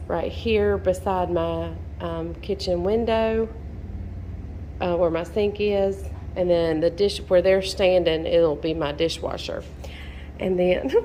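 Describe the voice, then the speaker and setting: A woman giving an excited, chatty vlog tour on a handheld phone. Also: fairly low pitch, slight background noise, low-quality recording. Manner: excited, chatty, showing things off. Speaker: vlogger, pastor's wife.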